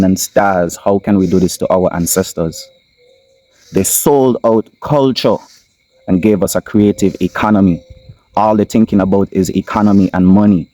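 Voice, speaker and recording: A man with a Kittitian accent hosting his own channel, giving impassioned solo commentary, repeating his points and slowing down to stress them. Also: low voice, warm tone, low-quality recording. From Saint Kitts. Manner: emphatic, repeats lines, slows for stress. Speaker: channel host. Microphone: camera mic.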